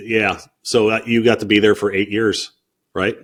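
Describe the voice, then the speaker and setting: A man's voice: on the low side, flat delivery, moderate pace. A man hosting a podcast, chatting casually and agreeably with his guest, often repeating his own phrases. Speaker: podcast host. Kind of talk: casual interview chat.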